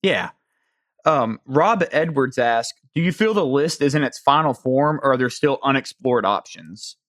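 A man's voice: mid-range voice, expressive, measured pace, a bit bright, dry recording, clean studio sound. A man with a Southern US accent hosting a podcast, casually reading listener questions aloud. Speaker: podcast host.

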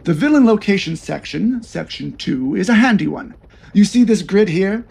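A man voicing a calm, confident veteran male spy who explains things in a breezy, matter-of-fact way. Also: sits high, normal speed, creaky, a little hiss or hum, pitched above the performer's own voice. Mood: cool.

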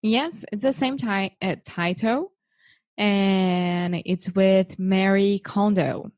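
Slow-talking woman searching for words. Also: medium pitch, fairly even intonation, a little mellow. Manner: unhurried, searches for words, laughs often. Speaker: co-host, English learner. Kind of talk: casual podcast chat.

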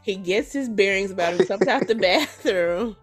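A woman hosting a podcast who retells a story in a casual, animated and profane way. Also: medium pitch, moderate pace, breathy edge, faint music behind. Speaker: podcast host. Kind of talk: casual chat.

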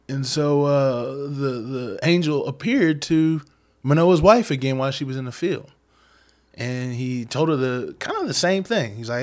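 Casual man telling a Bible story, slangy, mid-pitched, voices the characters offhandedly. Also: moderate pace. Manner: slangy, laid-back, says "man" a lot; acts out characters' lines conversationally. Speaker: Bible study speaker.

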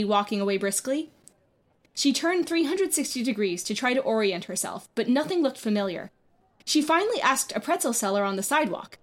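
Expressive woman reading a story. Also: a little high, a little fast. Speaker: audiobook reader. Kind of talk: scripted storybook narration.

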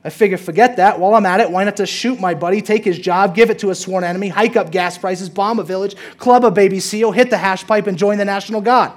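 A man's voice: high voice, fairly even intonation, fast, hardly any pauses, pitched above the performer's own voice, natural voice. A man reading a movie monologue aloud, voicing a brilliant, bitter young working-class man in a long sarcastic rant. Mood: sardonic.

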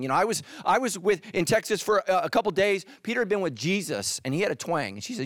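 A middle-aged male pastor preaching a sermon, animated, dropping into soft intense asides. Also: quick pace, hardly any pauses, no echo, studio quality. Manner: animated, voices quoted characters with jumps in pitch.

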